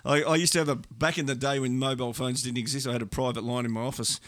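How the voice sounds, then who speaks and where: A middle-aged Australian man, a sports agent, telling animated stories in casual talk and acting out the voices of the people in them. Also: medium pitch, fast, no room sound. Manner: animated anecdotes, acts out voices in quotes. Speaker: sports agent and podcast guest. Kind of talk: casual storytelling.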